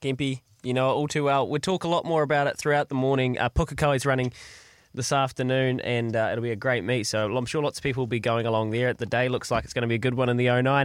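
A man's voice: mid-range voice, fairly even intonation, quick pace, smooth, no echo, clean studio sound. A man hosting breakfast radio, upbeat and joking with callers and his co-host. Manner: upbeat, joking, calls people bro.

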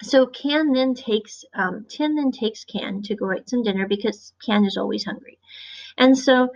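A woman's voice: a little high, measured pace. A woman from the US Midwest, rambling chattily through a casual recap of a show's episode. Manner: rambling, chatty, acts out quotes. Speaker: show reviewer. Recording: dull lo-fi recording.

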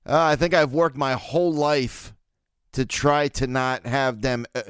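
A man's voice: medium pitch, fairly even intonation, a little slow, clear, resonant tone, no room sound, clean studio sound. A man in his thirties from Baltimore hosting a solo podcast, rambling and joking crudely with lots of fillers. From Baltimore, USA. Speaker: podcast host. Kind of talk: casual solo podcast chat.

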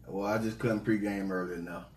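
A man's voice: fairly low pitch, fairly even intonation, fairly quick, a little mellow. Laid-back man in an echoey room. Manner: laid-back, joking, laughs often. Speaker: co-host. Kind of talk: casual chat. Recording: roomy, a little noisy.

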